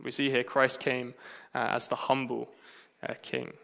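An English man delivers a sermon in a halting cadence, breaking his phrases with frequent "uh" fillers. His voice is bright and gravelly, with little rise and fall. A long reverb trails behind him, as in a large hall. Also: medium pitch, level tone. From England. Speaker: preacher.

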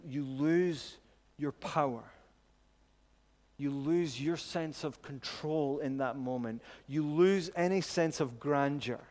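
A man preaching a sermon, earnest and deliberate, dropping low and quiet to stress a point. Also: big-room sound. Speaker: pastor.

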